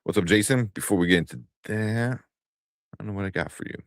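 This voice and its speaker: A man in his thirties co-hosting a casual chat, acting out stories about his kids with big jumps in pitch. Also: brisk, no room sound, clean studio sound. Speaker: podcast co-host.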